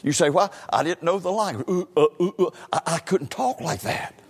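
A high, wildly swinging voice belongs to an older preacher, husky around the edges. He keeps calling out "listen" and stumbles into his phrases as he testifies. A long church reverb trails after every word. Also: lively intonation, fairly quick. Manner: emphatic, repeats "listen" and stammers into phrases. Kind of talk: sermon, telling personal testimony. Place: church sanctuary.

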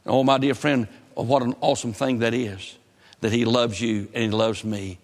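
A man's voice: medium pitch, level tone, normal speed. Earnest man preaching in a reverberant church. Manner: earnest, repetitive emphatic preaching cadence. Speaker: pastor. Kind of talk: sermon. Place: church sanctuary.

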